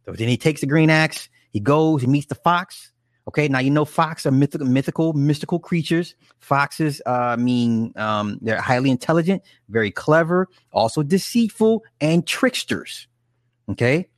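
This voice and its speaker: A man's voice: a little high, animated, moderate pace, no room sound. Man, casual chat, rambling and profane, dry close sound. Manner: rambling, profane, restarts and asides. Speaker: film recapper.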